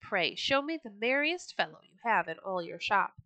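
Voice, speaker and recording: A woman's voice: medium pitch, sing-song, normal speed, pushed and bright, dry recording. A woman voicing a sad, complaining traveling puppet-show man in a storybook reading. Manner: mournful and complaining.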